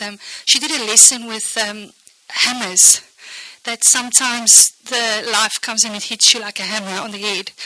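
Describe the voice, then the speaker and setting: A woman leading a children's church training, lively and animated, often asking "okay?" and dropping into soft whispers. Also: a little high, dry recording, low-quality recording. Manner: animated, shifts between bright exclamations and hushed whispers; frequent "okay?" check-ins. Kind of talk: teaching volunteers, modelling a kids' talk.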